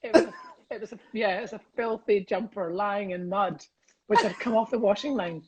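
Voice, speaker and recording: A middle-aged Scottish man, a comedian, telling cheeky anecdotes over a video call, quick and giggly, acting out voices in his stories. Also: sits high, fairly even intonation, crowd noise, low-quality recording. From Scotland. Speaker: comedian guest. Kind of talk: casual storytelling chat.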